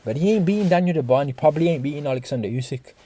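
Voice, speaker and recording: Racing along in a slightly high voice, a man delivers casual boxing reaction commentary for his YouTube audience. He's animated, swears freely and calls his viewers "guys."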